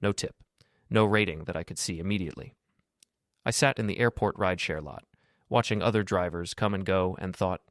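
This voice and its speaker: A man narrating a scripted first-person story in a steady, matter-of-fact way. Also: sits low, a little fast, no echo, clean studio sound.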